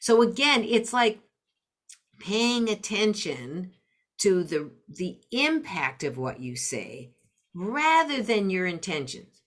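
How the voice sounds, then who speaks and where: Slow-spoken woman explaining patiently. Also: medium pitch, sing-song. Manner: patient, explains step by step with acted-out example phrases. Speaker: parenting coach, podcast guest. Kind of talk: explanatory interview talk.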